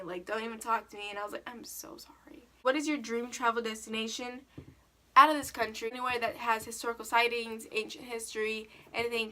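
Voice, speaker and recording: A woman's voice: fairly high pitch, bright, forceful tone, a little hiss or hum. A teenage girl telling stories and answering questions in a casual vlog, chatty and full of "like". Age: teens. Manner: chatty storytelling, lots of "like". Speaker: vlogger.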